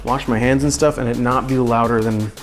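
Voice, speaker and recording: A man cooks live on stream in his home kitchen, chatting and joking at his own expense. His mid-range voice keeps a steady tone at a brisk pace, with faint music behind him.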